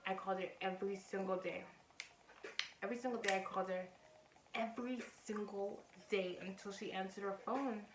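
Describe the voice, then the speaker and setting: A woman's voice: medium pitch, steady tone, brisk. A young woman vlogger casually telling a personal story to the camera, candid and chatty. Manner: candid, chatty, acts out other people's lines. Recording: roomy, distant from mic, background noise.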